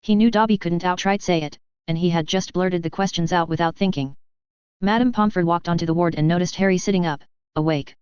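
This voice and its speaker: A woman reads a story aloud with a very clear, smooth voice pitched a little low. She keeps a steady, even storytelling pace. The recording sounds dry and slightly dull. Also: a little fast, dry recording. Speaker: narrator. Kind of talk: audiobook reading of fan fiction.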